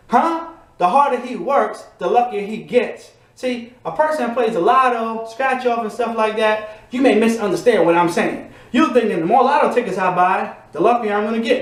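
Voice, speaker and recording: A man preaching a motivational sermon, building to emphatic repeated refrains. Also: sits high. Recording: echoey room.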